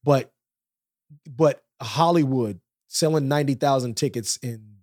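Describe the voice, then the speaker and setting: A man co-hosting a wrestling podcast, ranting with animated energy and frequent repetition. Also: medium pitch, measured pace, no room sound, studio quality. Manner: animated, repeats himself, loud rants. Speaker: podcast co-host.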